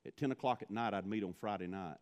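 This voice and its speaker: Deep-voiced preacher in a reverberant hall. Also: male voice, quick pace, a little mellow. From Mississippi. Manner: storytelling, rising to impassioned pleading. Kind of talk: sermon.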